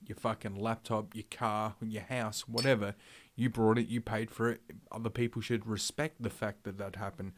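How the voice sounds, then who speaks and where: A man streaming live, ranting through his opinions in a rambling, profane way, full of fillers and restarts. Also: lowish voice. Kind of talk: livestream commentary rant.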